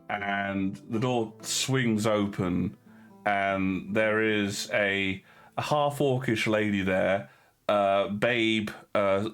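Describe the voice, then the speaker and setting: A man with a lowish voice running a tabletop game. He narrates hesitantly, with many fillers. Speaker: game master.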